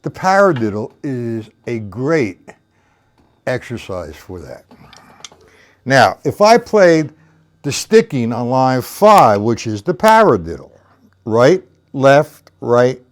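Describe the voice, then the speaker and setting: A man's voice: mid-range voice, very animated, slow. A man giving a live-streamed drum lesson, counting beats aloud and talking to viewers by name. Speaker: drum teacher.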